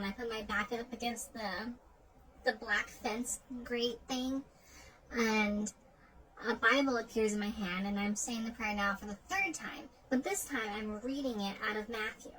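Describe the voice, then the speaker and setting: A woman's voice: on the high side, fairly bright tone, low-quality recording. A woman casually retelling a dream in a rambling way, full of "like" fillers and restarts. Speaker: storyteller.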